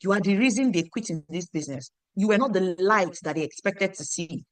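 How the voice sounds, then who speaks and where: A woman coaches her sales team in a dry, close recording. She drives her points home with repetition and keeps asking her listeners questions. Her pitch sits in a middle range. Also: fairly quick, dry recording. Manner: emphatic and repetitive, quizzing listeners. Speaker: team leader training her downline. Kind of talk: motivational team training talk.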